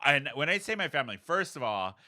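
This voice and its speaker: A man with a bright, forceful, fairly high voice chats on a podcast from home. He tells stories with animated energy and slips into shrill impressions of his relatives. He laughs often. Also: fast. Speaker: podcast co-host. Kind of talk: casual chat.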